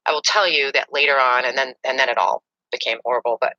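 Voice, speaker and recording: Brief: a woman guest retelling a story, talks very fast and dramatically, with a sharp, bright tone. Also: extremely low pitch, steady tone, no echo, highs cut off. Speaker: interview guest. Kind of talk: casual storytelling.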